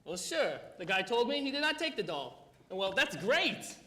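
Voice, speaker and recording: A man's voice: extremely high pitch, sing-song, moderate pace, pushed and bright, full character voice. A teenage boy on a school stage, playing a sly, streetwise male gambler with a wheedling delivery. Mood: sheepish. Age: teens. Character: fast-talking male gambler, sheepish and sly. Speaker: high school stage actor. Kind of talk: live musical theatre dialogue.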